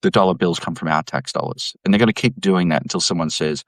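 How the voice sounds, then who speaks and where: A low-voiced man speaks as an economics professor in an interview, laying out his case with emphatic, animated energy. The sound is dry and close, with no room around it. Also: quick pace, vocal fry, hardly any pauses, no room sound. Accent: Australian. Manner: animated, emphatic, mimics voices when quoting. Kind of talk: explanatory interview talk.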